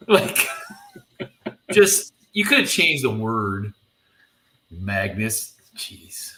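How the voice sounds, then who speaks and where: A man's voice: fairly low pitch, animated, pushed and bright, slight background noise. A man co-hosting a podcast in casual chat, often chiming in with agreement and jumping in with questions. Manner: chatty, quick to agree, jumps in with questions. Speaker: podcast co-host.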